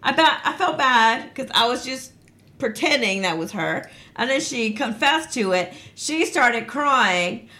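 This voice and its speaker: High bright-voiced woman telling a story. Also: a little slow. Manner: animated, laughing, swearing, acts out quotes. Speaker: podcast guest, school teacher. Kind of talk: casual storytelling chat.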